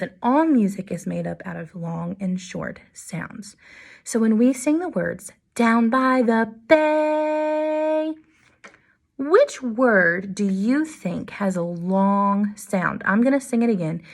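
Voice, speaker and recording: A woman music teacher leads a lesson for young children, speaking slowly in a sing-song, encouraging way. Her voice is medium-pitched.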